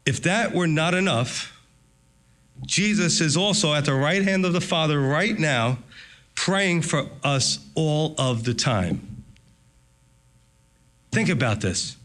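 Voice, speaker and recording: Pastor, male, lively sermon delivery with acted-out voices, a touch high-pitched. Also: takes it slowly, pauses often. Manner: animated, acts out voices of God and Satan.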